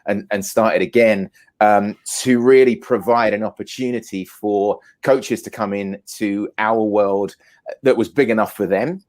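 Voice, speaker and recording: A man with a British accent, a team leader, talking through his work in a casual podcast chat, rising in pitch when he makes a point. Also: fairly even intonation, measured pace, darkish tone. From England.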